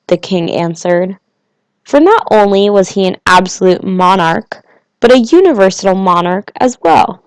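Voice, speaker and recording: A woman narrating a storybook audiobook in a measured, unhurried way. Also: medium pitch, expressive, smooth. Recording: long reverb.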